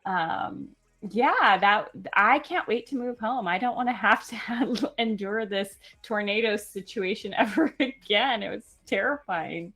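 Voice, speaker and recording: A young woman from California in casual chat, animated and laughing as she tells stories. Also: mid-range voice, a little slow. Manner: chatty and animated, laughs while telling stories. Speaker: stream guest.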